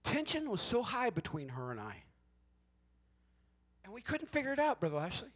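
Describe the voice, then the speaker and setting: A male pastor preaches a Pentecostal sermon in a folksy, conversational style, joking with the congregation and shifting from hushed asides to loud, emphatic shouts. His husky voice sits high, swings enormously in pitch, and moves at a moderate pace.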